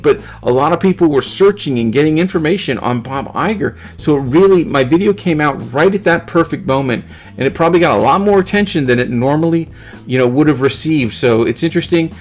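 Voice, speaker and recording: A middle-aged man hosting his channel, casually talking through viewer comments in a rambling, good-humored way. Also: fairly high pitch. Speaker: YouTube channel host. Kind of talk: casual talk to camera, reading viewer comments.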